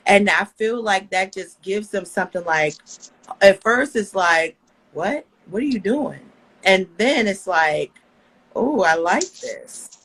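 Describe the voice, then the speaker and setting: A woman guest in a casual podcast chat, animated and confident. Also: mid-range voice, low-quality recording.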